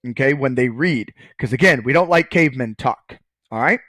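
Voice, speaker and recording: A man's voice: mid-range voice, moderate pace, bright, forceful tone, dry recording. A man giving a recorded math lecture, casual and joking, often checking in with "okay" while writing on screen. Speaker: college math professor.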